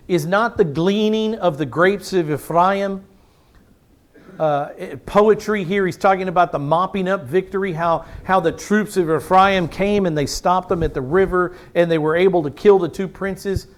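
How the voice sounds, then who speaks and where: A man's voice: sits high, moderate pace. A man preaching a Bible-teaching sermon, emphatic, asking rhetorical questions. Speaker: pastor.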